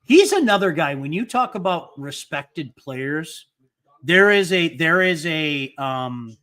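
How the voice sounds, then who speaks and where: A man hosting a casual hockey watch party, telling stories animatedly and stumbling over repeated words when excited. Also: fairly high pitch, slow pace. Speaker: host. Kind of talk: casual chat.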